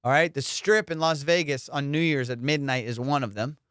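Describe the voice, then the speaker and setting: A man hosting a casual comedy podcast, telling stories in an animated, profane way and laughing often. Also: mid-range voice, moderate pace, smooth, no room sound, studio quality.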